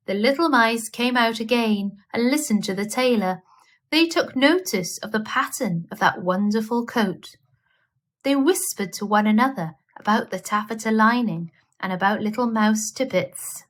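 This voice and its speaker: A woman reading a children's bedtime story aloud in a gentle, expressive manner. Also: a little high, normal speed.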